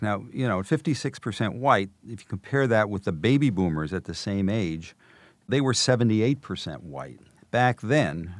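A man's voice: deep voice, dry recording. A middle-aged man, a demographer guest on a podcast, explaining figures in an interview with frequent "you know" and "I mean" fillers.

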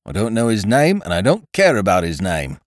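A man's voice: mid-range voice, huge pitch swings, moderate pace, no room sound, studio quality, voice pushed up. A man voicing a stern, stolid male police constable in a story reading, talking severely and bluntly.

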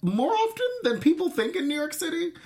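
A man's voice: extremely high pitch, very animated, brisk, a loud crowd. A man hosting a casual discussion of a TV episode, reading out his notes and putting questions to the group. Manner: leads the talk, reads out notes, asks the group questions. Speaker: podcast host. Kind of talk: casual chat about a TV episode.

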